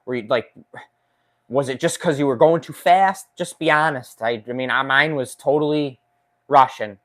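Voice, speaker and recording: A man hosts a casual live stream, talking straight to his viewers. He reads their comments out loud and laughs often. He speaks into a desk microphone with his injured hand in a splint. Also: medium pitch, normal speed. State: recovering from a finger injury, in a splint. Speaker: woodworking channel host.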